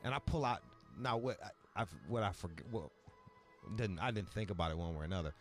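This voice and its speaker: A man's voice: lowish voice, expressive, fast talker, faint music behind. A man from Michigan telling a long, profane story in casual chat, full of asides and acted-out quotes. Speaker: podcast host.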